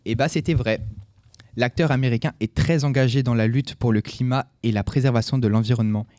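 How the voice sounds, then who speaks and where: A man's voice: mid-range voice, dark tone, no room sound. A teenage boy with a French accent, hosting a true-or-false quiz on a school radio show and reading out questions and answers. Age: teens. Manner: reads questions and answers, corrects slips. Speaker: student radio host. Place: school library studio.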